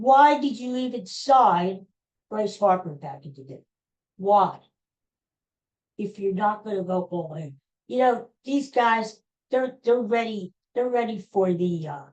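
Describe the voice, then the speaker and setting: A woman's voice: medium pitch, a little mellow, poor audio. Woman, podcast host, solo sports rant, exasperated, sarcastic.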